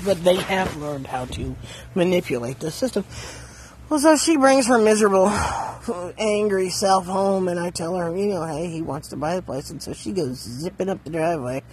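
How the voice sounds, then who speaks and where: A man living in a van, telling a rambling story in a casual, halting way, repeating words and laughing often. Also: sits high, noisy background.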